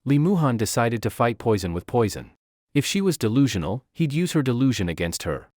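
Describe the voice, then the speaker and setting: A man narrating a comic fantasy story as a scripted recap, telling it in an animated way. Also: medium pitch, normal speed, no room sound, studio quality.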